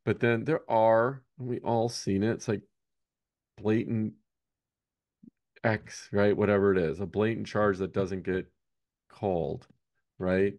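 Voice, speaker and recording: A man's voice: on the low side, steady tone, slow pace, long pauses, a little mellow. A man, a basketball coach, chatting casually on a podcast, rambling and often ending points with "right?".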